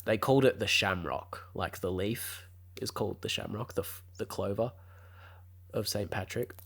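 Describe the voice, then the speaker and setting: A man's voice: on the low side, moderate pace, gravelly, slightly rough. Laid-back man, casual chat. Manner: relaxed and jokey, with fillers and trailing off. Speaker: podcast co-host.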